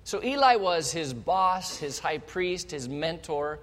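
A male pastor preaching a sermon, telling the story with animated energy and speaking straight to the congregation. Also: a little high, slow pace. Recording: long hall reverb.

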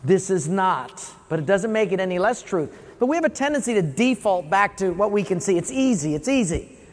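A man's voice: high-pitched, sing-song, a little fast. A man preaching a sermon in a church. He asks rhetorical questions and acts out little scenes in other voices. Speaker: pastor. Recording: long reverb of a large hall.

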